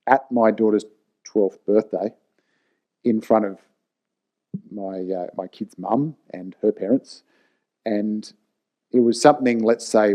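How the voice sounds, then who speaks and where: A man's voice: on the low side, warm tone. A man in his forties, a leadership speaker telling personal stories in a frank, casual and blunt way. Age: 40s. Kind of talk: candid personal talk to camera.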